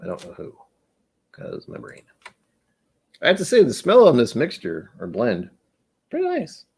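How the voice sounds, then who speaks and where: A man's voice: mid-range voice, wildly swooping pitch, normal speed, gravelly, a little mellow, husky. A man from the United States hosting a casual whiskey livestream, chatty, rambling and self-deprecating as he reads chat aloud. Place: indoors at home.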